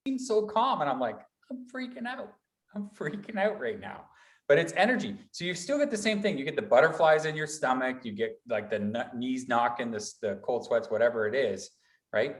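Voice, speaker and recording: A man presenting a motivational workshop, talking in lively repeated lists like a college instructor. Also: medium pitch, fairly quick, echoey room. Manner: animated, builds repetitive lists.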